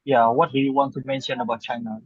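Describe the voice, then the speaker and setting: Online class host, man, raspy voice, muffled dry recording, casual promo patter. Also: mid-range voice, flat delivery, quick pace, dry recording. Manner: promotional, casual, filler-heavy.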